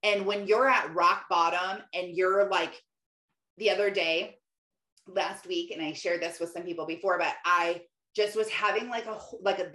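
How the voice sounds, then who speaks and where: A middle-aged woman in a casual faith-based monologue, chatty and rambling, filling her sentences with "like" and small laughs. Her voice sits at an ordinary pitch and carries a roomy echo, as if recorded in a bare room. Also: sharp tone.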